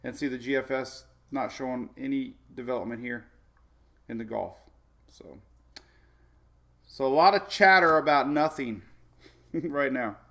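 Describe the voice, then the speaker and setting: Gravelly-voiced chatty weather host, man. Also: mid-range voice, measured pace, long pauses, a bit bright. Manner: rambling, chatty, laughs often, many fillers. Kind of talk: casual live weather talk.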